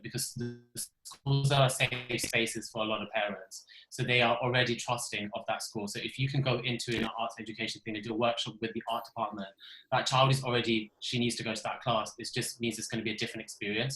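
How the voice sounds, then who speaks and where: A man's voice: mid-range voice, pushed and bright, echoey room, slight background noise, rough recording. A young man from London with a London accent, chatting casually on a video-call panel with lots of fillers. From London, Isle of Dogs. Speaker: ethical designer, panel guest. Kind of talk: webinar panel discussion.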